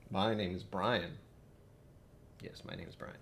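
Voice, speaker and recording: A man's voice: low voice, steady tone, a little slow, a little hiss or hum. A man hosting a casual livestream, chatting with viewers and muttering to himself while he fixes his settings. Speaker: livestream host. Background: faint background music.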